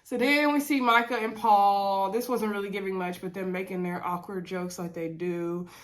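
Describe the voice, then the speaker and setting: A woman's voice: mid-range voice, moderate pace. A woman with a cold, casually recapping a reality TV episode in a loose, chatty way, full of "y'all" and fillers. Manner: relaxed Southern-leaning casual talk with fillers and "y'all". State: congested from a cold.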